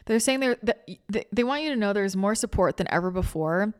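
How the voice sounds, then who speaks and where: A woman hosting a spiritual podcast, chatting casually in a rambling, animated way, full of restarts, laughter and casual swearing. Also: medium pitch, fairly quick, clear, resonant tone. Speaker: spiritual channeler and podcast host.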